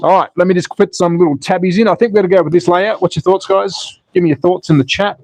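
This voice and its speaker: A man's voice: high-pitched, steady tone, fast, darkish tone, no room sound. A man chatting casually on a live stream while building a slot car track and reading the chat. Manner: chatty, self-deprecating, reads chat aloud while building. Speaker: slot car channel host. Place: indoors at home, building a track.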